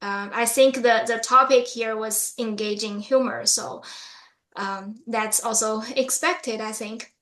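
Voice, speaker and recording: A woman's voice: a little high, steady tone, unhurried, a bit bright, roomy sound. A woman closing her evaluation of a speech at a club meeting, hesitant and full of fillers.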